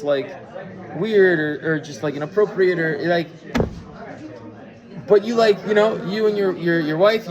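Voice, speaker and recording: A man, a rabbi, giving an informal class to listeners, talking casually with many fillers and restarts and asking them questions. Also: high voice. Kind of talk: informal Torah lecture with storytelling.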